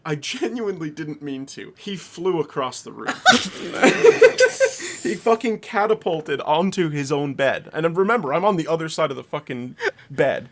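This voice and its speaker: A man's voice: a little high, lively intonation, moderate pace, noisy background. Young guy on a podcast telling a story, rambly, swears a lot, laughs into it. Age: young adult. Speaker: podcast co-host. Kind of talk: casual storytelling.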